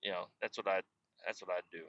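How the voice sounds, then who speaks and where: A man hosting a podcast, ranting casually with lots of swearing and sudden shouted outbursts. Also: low-pitched, fairly even intonation, quick pace, no room sound, dull audio. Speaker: podcast host.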